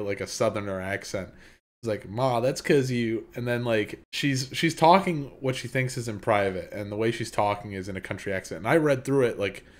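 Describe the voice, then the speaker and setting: A man co-hosting a podcast, chatting about comic chapters in a relaxed, easygoing way. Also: lowish voice. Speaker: podcast co-host. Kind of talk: casual manga review chat.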